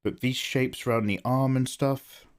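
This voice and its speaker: A man's voice: medium pitch, fairly even intonation, a little slow, smooth. A man chatting casually on a live stream while he draws, thinking aloud and greeting viewers by name. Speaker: livestreaming artist.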